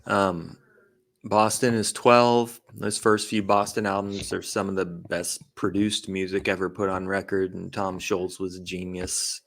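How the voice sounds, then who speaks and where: A man with a lowish voice speaks as a panelist in a casual podcast chat. He lays things out matter-of-factly and slips in dry jokes. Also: level tone, measured pace, creaky, fairly bright tone.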